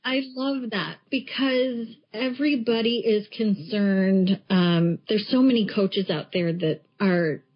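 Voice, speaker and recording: A woman's voice: medium pitch, slow, hardly any pauses. A woman co-hosting a podcast as a coach, talking frankly and emphatically and swearing freely. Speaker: podcast co-host and life coach. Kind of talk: casual chat. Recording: muffled lo-fi podcast audio.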